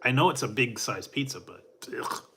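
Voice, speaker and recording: A man's voice: mid-range voice, animated, normal speed, a bit bright, breathy edge. A middle-aged man hosting a casual chat with his live viewers, rambling in a laid-back way with frequent chuckles and fillers. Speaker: food reviewer.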